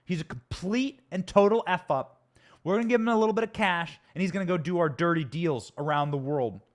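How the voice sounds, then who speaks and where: A man's voice: high-pitched, fairly quick, lightly acted. A man voicing a blunt, scheming official. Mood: scornful.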